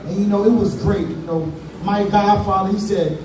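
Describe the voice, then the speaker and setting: A man's voice: high-pitched, a little fast, noisy background. A man doing a stand-up comedy set, telling a story with casual Southern US slang. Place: comedy club stage. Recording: echoey room from far off, crowd.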